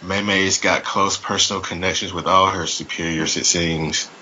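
This man's voice sits very low but carries a bright, forceful edge. He co-hosts a casual podcast and reads listener feedback with amused asides. The sound is dull and lo-fi, like an online call with faint hiss. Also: fairly even intonation, normal speed.

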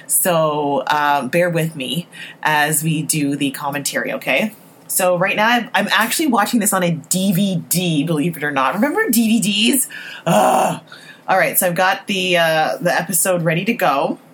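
A woman's voice: lowish voice, normal speed, fairly bright tone, slight background noise. A woman giving chatty, giggly commentary on a TV episode as she watches it, recorded on a built-in computer microphone in an echoey room at home. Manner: chatty, giggly, reacting aloud while watching. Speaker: podcast commentator. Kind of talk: casual live TV commentary.

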